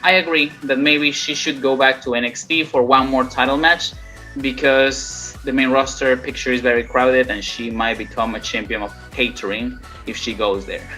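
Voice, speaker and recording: Host going down a list, bright tense voice, faint music under. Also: medium pitch, fairly even intonation, normal speed. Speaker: channel host. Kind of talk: casual wrestling commentary.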